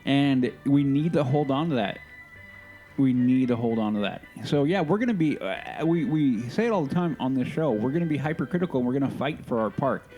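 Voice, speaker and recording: Podcast dude with a dark mellow voice, emphatic, repeats stuff, faint music behind. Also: male voice, medium pitch, animated, brisk, poor audio. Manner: emphatic, repeats himself for stress. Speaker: podcast co-host. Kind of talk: casual podcast chat.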